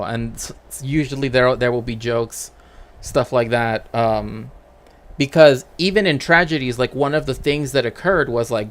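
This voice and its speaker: A man's voice: mid-range voice, a bit bright. Rambling man chatting on a stream. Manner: rambling, checks in with frequent tag questions. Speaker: streamer and cultural historian. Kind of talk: casual livestream chat.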